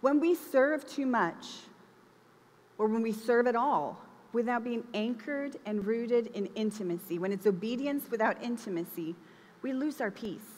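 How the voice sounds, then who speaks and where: Young woman preacher, fairly high voice, chatty and animated, long church reverb. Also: unhurried. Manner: conversational, expressive, acts out quotes. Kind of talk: sermon. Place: church hall.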